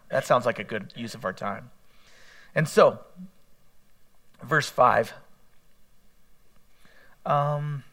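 A man's voice: medium pitch, slow pace, pauses often, bright, forceful tone. A man preaching a sermon in a conversational way, asking his listeners questions and acting out quotes as he reads the scripture aloud. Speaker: pastor.

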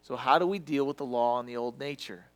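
A man preaching a sermon with passion, swinging from loud to hushed and sometimes stumbling over his words. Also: medium pitch, quick pace.

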